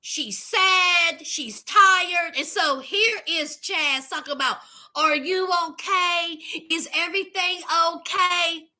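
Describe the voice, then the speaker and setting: A woman's voice: very high voice, slow pace, pushed and bright. A woman giving a sassy, dramatic casual commentary recap as a YouTube host, calling her listeners honey and child.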